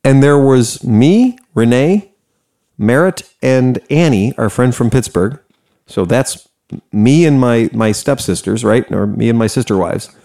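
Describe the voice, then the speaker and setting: An American man casually telling a story, animated and profane, laughing often. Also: mid-range voice, a little slow, gravelly. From United States.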